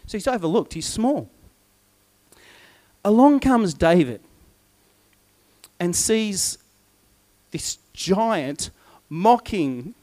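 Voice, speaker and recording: A man preaches in an animated, storytelling way and slips into voices for the people in his tale. His voice sits a little high for a man. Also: drawn-out words, long pauses. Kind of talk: sermon.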